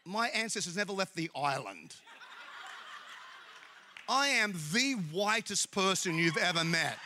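A middle-aged Australian man preaching a humorous sermon in church, telling animated, jokey stories. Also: high-pitched, a little slow, slight background noise.

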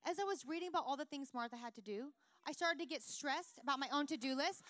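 A woman preaching a sermon, telling lively self-mocking stories and then turning soft and earnest. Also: high voice, fast talker, few pauses, no room sound. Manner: animated, self-mocking storyteller.

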